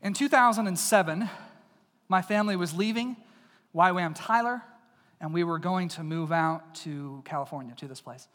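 High-voiced preacher in a reverberant hall. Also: male voice, lively intonation, normal speed, fairly bright tone. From East Texas. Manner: casual, jokey, addresses the crowd directly. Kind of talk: conversational sermon with personal stories. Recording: long reverb of a large hall.

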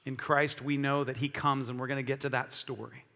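A man's voice: mid-range voice, level tone, a little fast, creaky, bright, forceful tone. A man preaching a sermon as a pastor, telling a story animatedly and acting out the dialogue. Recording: long hall reverb.

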